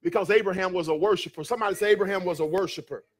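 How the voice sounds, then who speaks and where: Male pastor, high-pitched voice, sermon in a church with call-and-response. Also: racing. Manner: preaching with call-and-response, building to shouts. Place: church sanctuary.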